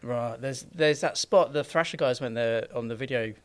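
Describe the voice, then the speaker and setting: A man's voice: medium pitch, moderate pace, smooth. A man co-hosting a podcast, chatty and swearing casually. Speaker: podcast co-host. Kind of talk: casual chat.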